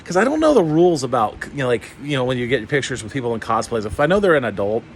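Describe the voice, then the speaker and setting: A man chatting casually in a vlog, rambling and excitable, with lots of fillers and some swearing. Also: mid-range voice, quick pace, a little hiss or hum. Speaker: YouTuber.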